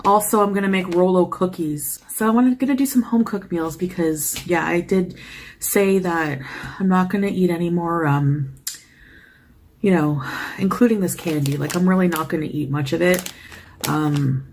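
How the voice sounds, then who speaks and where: A woman's voice: lowish voice, moderate pace, a little mellow, slight background noise. A woman vlogger who is out of breath and a bit wheezy, rambling casually through a show-and-tell with many fillers.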